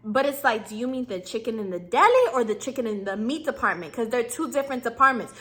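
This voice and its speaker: A young woman in her twenties talks straight to her viewers in a casual advice vlog. Her voice sits high and sounds bright and sharp. She chats in loose slang and keeps slipping into quick impressions of customers and clerks. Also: lively intonation. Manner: slangy and chatty, acts out customer and clerk lines. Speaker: YouTuber giving customer service tips.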